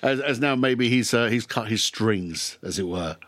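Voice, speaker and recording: A man's voice: mid-range voice, animated, normal speed, a bit bright, no echo, studio quality. A man hosting a radio interview, chatty and jokey, stumbling and restarting as he talks. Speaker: radio host. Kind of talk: casual radio interview chat.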